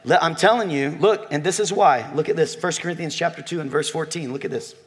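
A man preaching a sermon to a congregation, animated and joking, telling a story and talking directly to his listeners. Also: a little high, fairly quick. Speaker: pastor.

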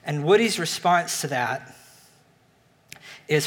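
A pastor giving a sermon, retelling a film plot in a relaxed, conversational way. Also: male voice, a little high, moderate pace. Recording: long reverb of a large hall.

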